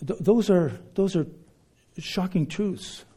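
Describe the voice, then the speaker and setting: A man preaching a sermon, emphatic, swinging between loud declarations and hushed asides. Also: sits high, takes it slowly, slightly rough.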